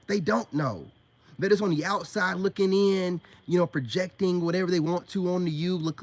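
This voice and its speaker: A man's voice: high-pitched, normal speed. Emphatic man preaching in street slang. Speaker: self-styled spiritual coach. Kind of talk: casual preachy monologue to camera.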